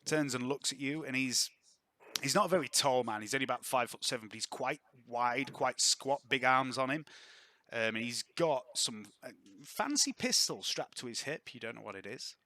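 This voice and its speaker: A man running a tabletop role-playing game as game master, narrating scenes in a chatty, lively way. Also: medium pitch, moderate pace.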